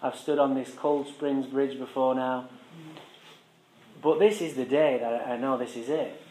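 A man's voice: medium pitch, steady tone, a little slow, warm tone, reverberant, a little hiss or hum, low-quality recording. Frank man telling his story. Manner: frank, profane, wry, conversational. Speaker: speaker sharing his recovery story. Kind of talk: personal storytelling to a live audience.

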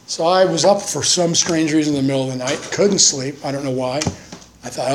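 Man, 50s, slightly high voice, heartfelt testimony speaker who acts out quotes; faint background hiss. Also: steady tone, fairly quick, poor audio. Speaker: recovery meeting speaker. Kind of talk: personal testimony talk.

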